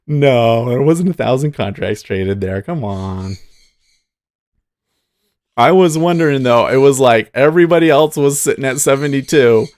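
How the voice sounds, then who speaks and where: A man's voice: medium pitch, expressive, a little slow, a little mellow, no echo, clean studio sound. A man hosting a live day-trading stream, thinking aloud and cheering on his trades in easy casual chat.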